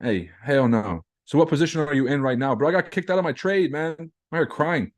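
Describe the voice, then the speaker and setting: A man's voice: on the high side, expressive, a little fast. A man hosting a live trading stream, chatting casually in a brash, profane, joking way while reacting to chat messages. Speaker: trading livestream host.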